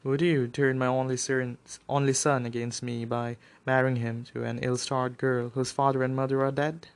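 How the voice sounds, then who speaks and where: A man's voice: medium pitch, level tone, normal speed, clear, resonant tone, lightly acted. A man reading a novel aloud, voicing a proud, domineering middle-aged mother who speaks in a commanding, reproachful way.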